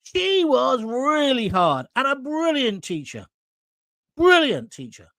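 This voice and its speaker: A man's voice: extremely high pitch, huge pitch swings, slow pace, bright, forceful tone, no room sound. A man, hosting an online talk show and chatting casually through viewer comments in a blunt, jokey way with crude asides. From England.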